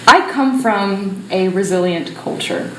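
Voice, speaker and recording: A woman's voice: mid-range voice, animated, slow, roomy sound, slight background noise, pitched below the performer's own voice, low-quality recording. A woman playing a sassy, bossy personified disorder in a solo stage show, talking in brash slang. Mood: defiant. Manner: peppy, valley-girl slang, brash.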